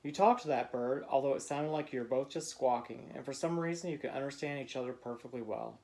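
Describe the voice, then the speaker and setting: Gentle man telling a bedtime story. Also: medium pitch, brisk. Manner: gentle, playful storytelling to a child.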